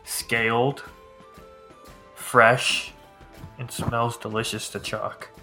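A man narrating a tabletop game as its game master, in a loose storytelling way. His voice sits at an ordinary middle pitch. Soft music plays faintly underneath. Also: level tone, very slow, creaky.

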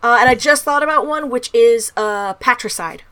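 Bright-voiced woman chatting casually. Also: a little high, normal speed. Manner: candid, swears casually, laughs often. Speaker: podcast co-host. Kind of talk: casual chat.

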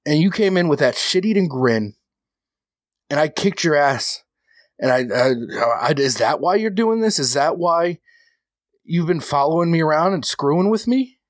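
A man's voice: on the high side, expressive, normal speed, no room sound, clean studio sound, pitched above the performer's own voice, lightly acted. A man voicing an angry, paranoid wrestler who swears, stammers and hurls accusations. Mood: accusing.

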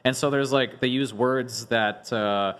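A man of ordinary pitch hosts a relaxed podcast conversation among friends. He explains things in long, meandering runs. He keeps restarting his sentences and leaning on filler words. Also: unhurried, smooth. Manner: rambling, many restarts and "like" fillers. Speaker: podcast host. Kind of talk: casual group discussion.

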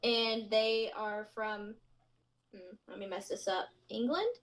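A woman's voice: medium pitch, fairly even intonation, slow. A young adult woman co-hosting a podcast, telling casual stories with giggles and self-mocking asides. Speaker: podcast co-host. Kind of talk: casual chat.

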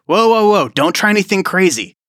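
A man putting on a stern woman federal agent in a tabletop game, pitched a little higher than his own voice and asking clipped, probing questions. The sound is bright and forceful, recorded close and dry with no room around it. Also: big pitch swings, quick pace, no echo. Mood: alarmed.

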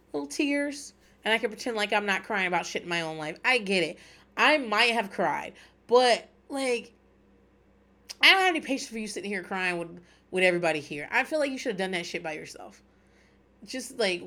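A middle-aged woman hosting a casual chat, talking in an animated, rambling way with plenty of swearing and laughter. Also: a little high. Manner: animated, profane, laughs often, rambling asides. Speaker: podcast host recapping reality TV.

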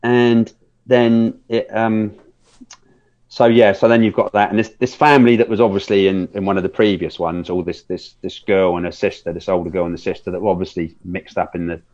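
A man's voice: deep voice, fairly even intonation, fairly quick, a little mellow, highs cut off. A man co-hosting a film podcast, talking casually and rambling through a review while acting out scenes. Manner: rambling, restarts often, acts out scenes in quotes.

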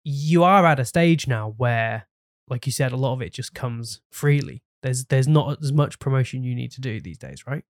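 Man, podcast host, mid pitch, easygoing, agreeable, dry close sound. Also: normal speed, no echo. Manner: easygoing, agreeable, hesitant with fillers. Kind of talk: casual podcast interview.

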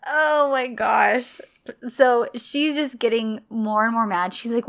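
A woman's voice: takes it slowly, gravelly. A woman chatting casually as a co-host, retelling scenes with lots of laughter and acting out the lines. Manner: animated, laughs often, acts out quoted lines in lower voice. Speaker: podcast co-host recapping a drama series.

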